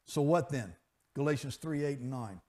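A man preaching a sermon, swinging between loud emphatic peaks and quiet asides. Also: mid-range voice, animated, normal speed. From grew up in a pastor's family.

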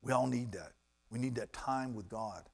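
A male preacher delivering a sermon in an animated way, swinging from hushed, intimate lines to loud, emphatic ones. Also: medium pitch, normal speed, vocal fry.

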